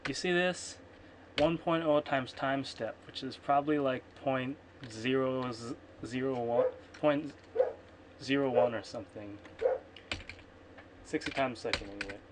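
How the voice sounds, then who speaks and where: A man with a mid-range voice takes his time as he streams his programming, muttering and thinking aloud in a rambling way while correcting himself. The recording is very noisy, captured on a computer microphone, with keyboard typing and clicks audible throughout this casual coding screencast.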